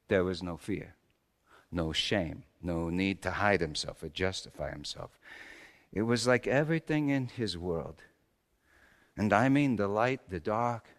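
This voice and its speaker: A man's voice: mid-range voice, fairly bright tone, in a large hall. A man playing Joseph, a humble carpenter father, in a first-person dramatic monologue, telling stories in a folksy, chuckling way with loose grammar.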